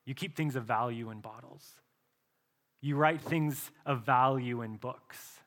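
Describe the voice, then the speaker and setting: A male pastor preaching a sermon earnestly, often dropping to a soft, slow voice for emphasis. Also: medium pitch, fairly even intonation.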